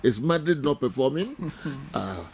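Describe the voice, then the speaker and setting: A man with a Ghanaian accent hosting a studio football debate, animated and switching between English and Twi. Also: medium pitch, measured pace, breathy edge. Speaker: sports show host.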